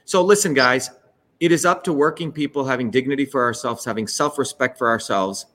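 A man hosting a political livestream, giving a heated, profane speech that rises to shouts. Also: mid-range voice, fairly quick. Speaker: host.

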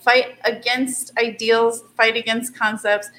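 A woman speaking as an interview guest in a calm, measured, self-assured way. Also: on the high side. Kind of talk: interview conversation.

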